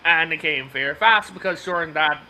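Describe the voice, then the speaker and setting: Podcast host, male, high and piercingly bright, rambling storyteller. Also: a little fast, a little hiss or hum, poor audio. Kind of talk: casual movie discussion.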